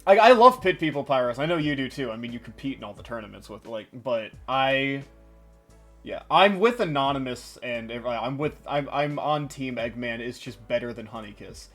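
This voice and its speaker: A young man talks in an excitable, rambling way, swearing freely in a loose stream chat. His pitch sits at an ordinary middle height. Faint music plays behind him. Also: moderate pace. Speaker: stream co-host. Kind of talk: casual chat.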